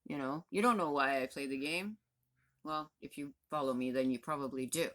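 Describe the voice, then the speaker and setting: Very deep-voiced ranting woman in her 50s. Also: brisk, fairly bright tone. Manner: blunt, profane, exasperated. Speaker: vlogger. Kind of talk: angry direct-to-camera rant.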